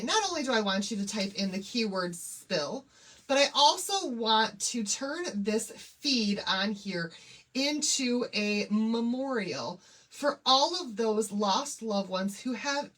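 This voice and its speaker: A woman's voice: on the high side, fairly bright tone. A woman hosting a casual craft livestream, bubbly and chatty as she greets viewers one by one.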